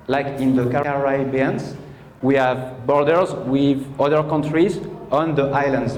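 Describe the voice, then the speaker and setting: Man, French accent, teacher, patient classroom presentation, slow, roomy echo. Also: fairly high pitch, a little mellow. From France. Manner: slow and patient, checks in often with students. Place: large echoey classroom. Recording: roomy hall echo, faint noise.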